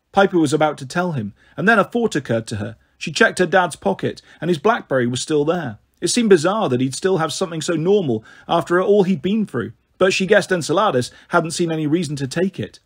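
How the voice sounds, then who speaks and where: Man, audiobook reader, husky, slightly high, steady storytelling. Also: brisk, hardly any pauses. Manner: steady storytelling with character voices. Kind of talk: novel reading.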